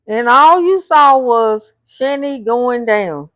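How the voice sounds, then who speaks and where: A woman's voice: a little high, expressive, slow, a bit bright, no room sound. A woman recapping a reality TV episode scene by scene, reading out what the cast said and adding blunt asides. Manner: retells scenes, reading out the cast's lines.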